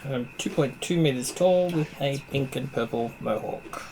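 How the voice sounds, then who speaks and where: A man's voice: medium pitch, measured pace, a little mellow, slight background noise, rough recording. A man player introducing his character in a plain, matter-of-fact way. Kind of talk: casual table chat.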